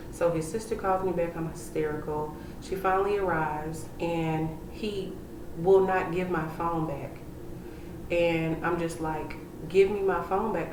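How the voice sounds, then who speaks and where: Low-voiced woman telling an intense story. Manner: intense, breathless retelling with many "like" fillers. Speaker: vlogger telling a personal story. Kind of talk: emotional storytime vlog. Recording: roomy echo, distant from mic, with background noise.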